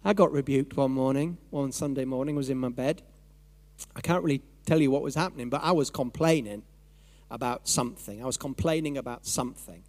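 A man preaching a sermon in a lively, conversational way, acting out his own thoughts and voices. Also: medium pitch, brisk. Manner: animated, conversational, acts out inner voices.

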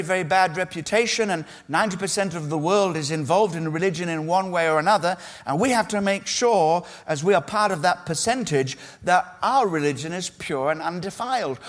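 A male pastor delivering a sermon to his congregation. His voice sits a touch higher than most men's, and he speaks in an earnest, emphatic way, leaning on key phrases and pausing between them. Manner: earnest, emphatic preaching with measured pauses.

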